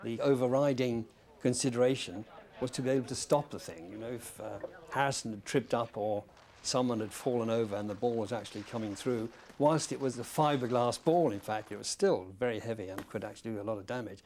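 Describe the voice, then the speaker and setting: A man's voice: medium pitch, darkish tone. Man explaining a film stunt prop. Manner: measured, technical explanation. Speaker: film crew member. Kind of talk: interview.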